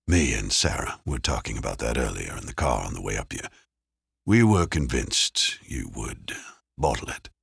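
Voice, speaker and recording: A gruff, guarded detective who keeps his answers short, as a male narrator drops into a deeper register for him. The voice is very low and understated. The recording is close and dry. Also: big pitch swings, moderate pace, fairly bright tone, dry recording, full character voice. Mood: easygoing. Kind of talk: audiobook character voice. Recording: dry close studio sound.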